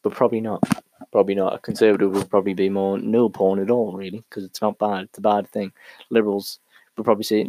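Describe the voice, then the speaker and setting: A man's voice: on the low side, little pitch movement, fast talker, warm tone, low-quality recording. A man talking through an argument on his own in a casual monologue, thinking aloud with frequent restarts and fillers.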